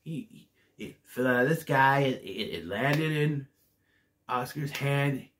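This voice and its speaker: A man's voice: mid-range voice, slow pace, a bit bright. Big Bird, stammering and flustered, as a man does him.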